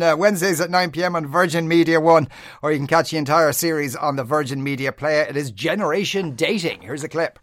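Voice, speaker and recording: A man hosting a radio show, jokey and quick to chip in. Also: a little high, fairly bright tone. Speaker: radio host. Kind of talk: casual radio chat.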